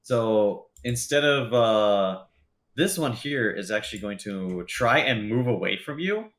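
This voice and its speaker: A man's voice: lowish voice, expressive, unhurried, a bit bright. A man running a tabletop game as game master, narrating loosely with lots of fillers and laughs.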